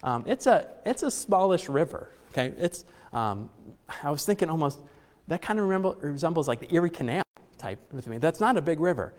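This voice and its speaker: Middle-aged man, pastor, lively chatty sermon, joking asides, long hall reverb. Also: on the high side, fairly quick. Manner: chatty, joking asides, many fillers and restarts. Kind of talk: conversational sermon.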